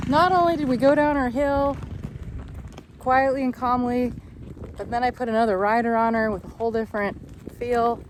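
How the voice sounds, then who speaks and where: A woman's voice: fairly high pitch, normal speed, background noise. Chatty woman horse trainer outdoors. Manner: chatty and encouraging, thinks aloud. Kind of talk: casual vlog narration. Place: outdoors on a country ranch.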